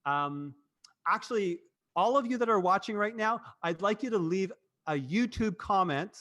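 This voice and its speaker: A man's voice: high voice, lively intonation, moderate pace, a bit bright. A man hosting a casual marketing livestream, rambling and cutting himself off, laughing easily. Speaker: host and agency president.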